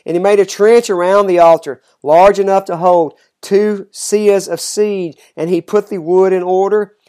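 Scripture reader, measured and steady, middle pitch, slows for the solemn lines. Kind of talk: scripture reading aloud.

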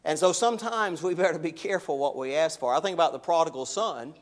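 A male preacher, delivering a sermon and rising loud and high when he quotes scripture. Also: quick pace.

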